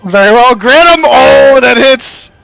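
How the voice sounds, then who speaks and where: A man's voice: very high voice, a little slow, gravelly, over music. A man running a tabletop game as game master, narrating and calling rolls in a laid-back way.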